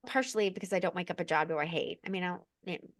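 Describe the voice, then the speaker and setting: A woman guest on a podcast, talking in a heartfelt, animated way and laughing now and then. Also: on the low side, very fast, dry recording, studio quality. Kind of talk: emotional casual chat.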